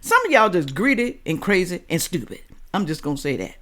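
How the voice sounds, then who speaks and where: A woman hosting a reaction video, giving blunt, scolding commentary that swings from low asides to loud outbursts. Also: sing-song, a little fast. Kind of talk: opinionated commentary.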